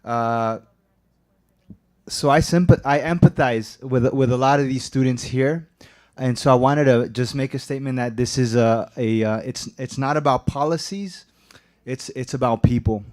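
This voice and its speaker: A man making a public comment at a school board meeting, earnest and halting, with many fillers and restarts. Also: medium pitch, darkish tone. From immigrant.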